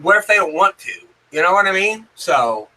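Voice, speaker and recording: A man's voice: high-pitched, animated, normal speed, sharp tone, rough recording. A man as a guest in a casual discussion, talking hesitantly with restarts and fillers.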